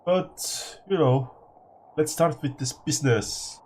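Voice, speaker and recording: Sick, hoarse man hosting a let's play. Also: on the high side, a little mellow, slight background noise. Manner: halting, apologetic. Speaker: gaming channel host. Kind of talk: casual let's play commentary.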